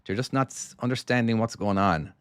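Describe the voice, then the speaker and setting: A middle-aged man with a softened Irish accent, chatting to his live-stream audience while playing his own trucking game. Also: lowish voice, brisk, smooth, no room sound. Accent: Irish, softened by years in the US. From Ireland. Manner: rambling and chatty, talking to chat while driving.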